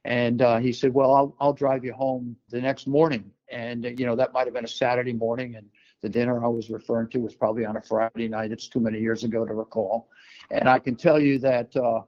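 An older man from New York telling a personal story as an interview guest, relaxed, with many fillers and restarts. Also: mid-range voice, fairly quick, muffled recording.

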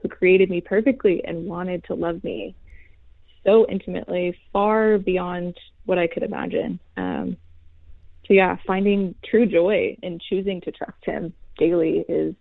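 Young female guest, soft and earnest, fry in the voice, dry phone-quality sound. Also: fairly low pitch, steady tone, no room sound. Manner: soft, earnest, many pauses and fillers. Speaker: guest, former college volleyball player. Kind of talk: heartfelt faith testimony in an interview. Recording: tinny phone-like line.

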